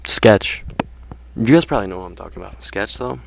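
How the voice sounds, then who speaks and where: A man's voice: fairly low pitch, expressive, brisk, vocal fry, slight background noise. A man ranting casually to his viewers in slangy, profane talk, saying "bro" constantly. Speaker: vlogger. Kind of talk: casual rant to camera.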